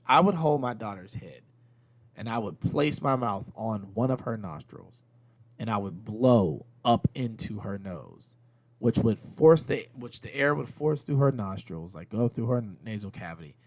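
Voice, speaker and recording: Podcast dad in his 30s, rough creaky voice, candid rambling, cusses a lot. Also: fairly low pitch. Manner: rambling, candid, swears casually, gets emotional. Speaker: podcast host. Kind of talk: comedic storytelling monologue.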